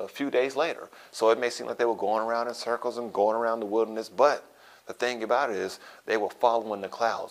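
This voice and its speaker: A man pastor preaching a sermon, repeating phrases for emphasis and checking in with "okay?". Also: fairly low pitch.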